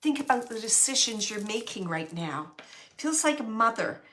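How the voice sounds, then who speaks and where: Woman, psychic medium, spirit reading, soft, whispery, musing, fairly high voice. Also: expressive, moderate pace, a little hiss or hum.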